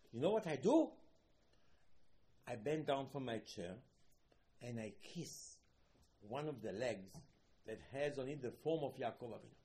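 A man teaching a lively Torah class, asking his listeners rhetorical questions and acting out quoted dialogue with sudden loud, high outbursts.

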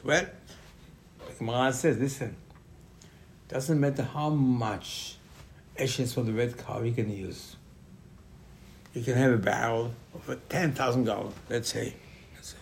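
A man teaches a weekly Torah portion in a rising, falling, very expressive voice. He acts out the text as back-and-forth dialogue. He repeats his key phrases over and over to drive them home. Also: medium pitch, creaky, a little hiss or hum. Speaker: rabbi. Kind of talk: Torah lesson.

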